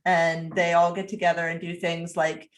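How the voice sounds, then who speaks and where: A woman co-hosting a podcast, chatting casually and recapping a film in a hesitant, unhurried way. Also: lowish voice, level tone. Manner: unhurried, hesitant, with fillers and little laughs. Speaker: podcast co-host. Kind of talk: casual movie recap chat.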